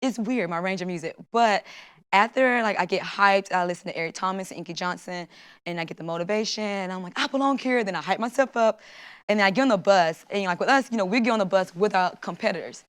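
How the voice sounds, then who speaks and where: A woman's voice: mid-range voice, fast talker, smooth. A young woman, an Olympic athlete, telling her story in a casual interview and acting out her own thoughts and the things people said to her. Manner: lively, acts out her own inner voice and quotes. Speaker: Olympic long jumper guest.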